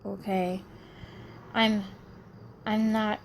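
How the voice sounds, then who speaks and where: A woman's voice: mid-range voice, level tone, drawn-out words, slight background noise. A woman in her thirties venting in a personal vlog, rambling and aggrieved, restarting her sentences often. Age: 30s. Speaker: vlogger.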